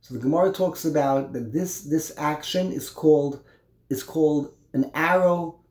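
A man's voice: fairly high pitch, a little mellow, roomy sound. A man teaching a Torah class, explaining a text line by line, often repeating and restarting words.

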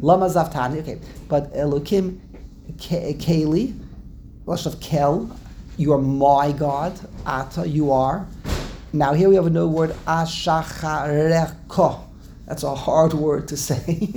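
A man's voice: on the high side, fairly even intonation, measured pace, dark tone, a little hiss or hum. A man teaching a casual Torah class to a small group, digressive, often repeating himself and restarting sentences.

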